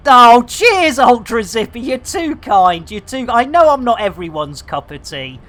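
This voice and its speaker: A man's voice: very high-pitched, sing-song, a little slow, fairly bright tone. A man chatting through a live game stream, joking with innuendo and giving mock public announcements. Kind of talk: live gameplay stream chat.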